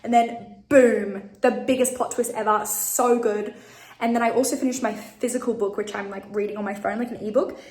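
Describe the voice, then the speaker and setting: A woman's voice: on the high side, steady tone, normal speed, darkish tone, husky. Chatty Australian woman on a stuffy nose. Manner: chatty, bubbly, lots of "like". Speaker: vlogger. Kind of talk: casual travel vlog. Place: outdoors at night, walking home.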